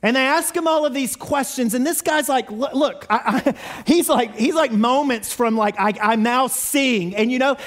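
High-voiced animated pastor. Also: male voice, normal speed. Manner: animated storytelling, acts out quotes. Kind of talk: sermon. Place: church sanctuary.

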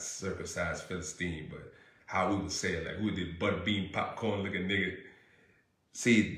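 A man preaching a sermon as a pastor, repeating his phrases and rising into loud bursts. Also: low voice. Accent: Southern US. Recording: echoey room.

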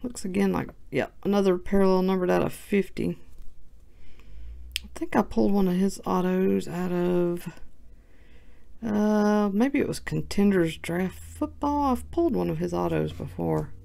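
Creaky-voiced woman chatting over card openings. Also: mid-range voice, normal speed, warm tone. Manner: chatty, thinks aloud, self-mocking. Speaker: sports card channel host. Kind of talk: casual card-opening commentary.

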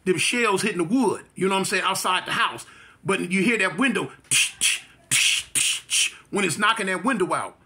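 Guy telling his life story off the cuff, kinda high voice, repeats himself a lot, does the sound effects himself. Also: brisk, pushed and bright, a little hiss or hum. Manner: vivid storyteller who repeats phrases and mimics gunshots.

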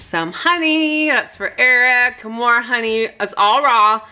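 A woman in her thirties gives viewers a casual vlog tour of her kitchen pantry, laughing often as she walks through. Her voice is on the high side, bright and forceful, and she takes it slowly.

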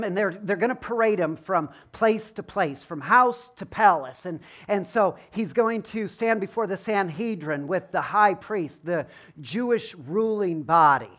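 A man's voice: high voice, fairly bright tone. A male pastor giving an informal, explanatory sermon, with frequent ums and self-deprecating asides. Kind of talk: conversational sermon.

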